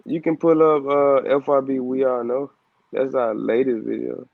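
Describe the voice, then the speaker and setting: A man's voice: mid-range voice, little pitch movement, moderate pace, gravelly, no echo. A man guesting in a casual interview, laid-back and keeping his voice down, outdoors on a porch at night. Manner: laid-back, quiet, keeps voice down. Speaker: guest musician. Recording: dull, dry lo-fi sound.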